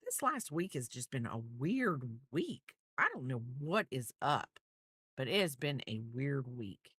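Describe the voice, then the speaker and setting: A woman's voice: rumbling low, big pitch swings, unhurried, a bit bright, breathy edge, dry recording, studio quality. A woman crochet streamer in a rambling, chatty livestream, talking to her viewers. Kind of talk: casual livestream chat.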